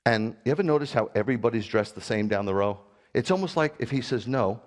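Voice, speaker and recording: A middle-aged man preaching a sermon as pastor, animated and jokey, with sudden loud bursts. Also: mid-range voice, quick pace, few pauses.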